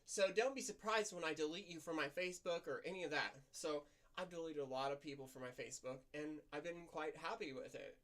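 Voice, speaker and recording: A woman venting in a candid personal vlog monologue, in a softened, practiced feminine voice that is slightly nasal, blunt and rambling with fillers. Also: deep voice, a little fast. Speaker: vlogger.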